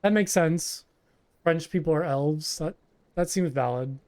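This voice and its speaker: A man with a fairly high, darkish voice streams a role-playing game at a measured pace. His casual gameplay commentary rambles with plenty of fillers and restarts, and he reads dialogue aloud.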